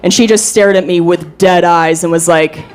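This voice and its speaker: A woman in her thirties doing a stand-up comedy set, animated and self-mocking. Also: on the low side, normal speed. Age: 30s. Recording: live show with crowd laughter. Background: audience laughter.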